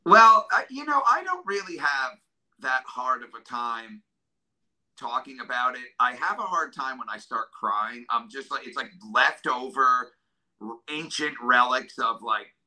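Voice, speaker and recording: A middle-aged man from New York State, talking in an interview about hard times in an earnest, halting way that keeps getting emotional. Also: mid-range voice, expressive, bright, forceful tone, rough recording. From New York State, USA. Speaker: drummer and guest.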